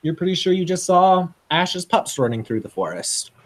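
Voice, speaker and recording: A man acting as game master in a tabletop game. He talks in a relaxed, chatty way with ums and laughs. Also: high-pitched, normal speed. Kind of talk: running a tabletop game over voice chat.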